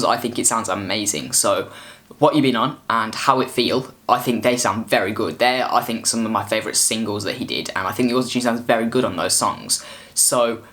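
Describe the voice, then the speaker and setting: A man's voice: mid-range voice, fairly bright tone. A man giving a casual album review, rambling with frequent restarts. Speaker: music reviewer.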